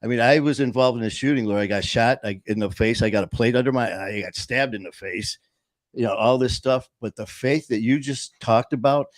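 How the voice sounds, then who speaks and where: A man's voice: mid-range voice, a little fast, dry recording. A man with a Boston accent, hosting and telling his own story in an emphatic, plain-spoken way. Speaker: podcast host. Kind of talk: casual storytelling interview.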